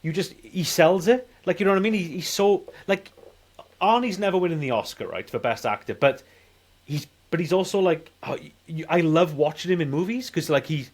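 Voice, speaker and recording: A man's voice: fairly high pitch, expressive, brisk. A man co-hosting a casual movie podcast, speaking bluntly and with strong opinions. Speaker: podcast co-host. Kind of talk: casual movie review chat.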